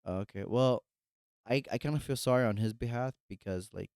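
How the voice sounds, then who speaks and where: A man's voice: medium pitch, brisk, a little mellow, smooth, no room sound, studio quality. A man co-hosting a podcast in casual chat, hesitant and full of fillers and restarts. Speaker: podcast co-host.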